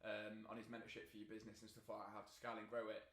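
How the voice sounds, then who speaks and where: A man on a podcast as the guest, talking quickly in an eager, agreeable way. He drops in lots of quick yeahs. His voice carries a roomy echo. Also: lowish voice, monotone, a bit bright. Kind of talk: casual chat.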